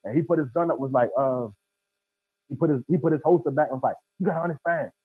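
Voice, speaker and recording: A man's voice: mid-range voice, fast talker, slightly rough, no room sound. A man telling a story in emphatic street slang, heard as a guest over a phone line. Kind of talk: casual storytelling.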